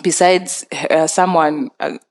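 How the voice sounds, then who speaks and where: A young adult woman telling a story in casual chat, animated and laughing often. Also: deep voice, takes it slowly. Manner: animated, laughs often, acts out quoted voices.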